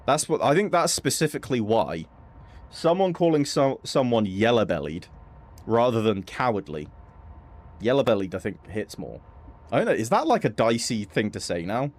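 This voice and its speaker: A young man chatting casually and swearing freely while streaming a game. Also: moderate pace. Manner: chatty, swears casually, animated jumps in pitch. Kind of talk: casual gaming stream chat.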